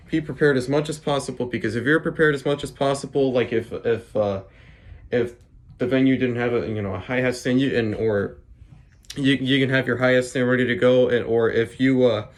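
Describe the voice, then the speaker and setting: Stammering man giving drumming tips. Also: medium pitch. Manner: stammering, restarts, says "okay?" a lot. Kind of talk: casual spoken tips to camera.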